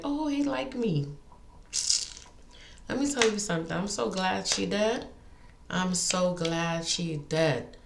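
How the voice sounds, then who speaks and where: A woman telling a personal story in a casual monologue, animated and feisty, with many restarts. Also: lowish voice, echoey room, slight background noise. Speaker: vlogger.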